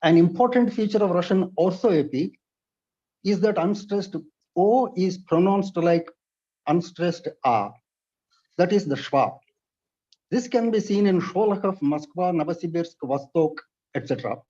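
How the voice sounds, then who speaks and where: Man, from India, high-pitched, mellow tone, precise lecture delivery, dull lo-fi sound. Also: animated. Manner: measured, precise, explanatory delivery. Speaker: lecturer on Russian pronunciation. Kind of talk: read-aloud lecture. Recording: dull lo-fi recording.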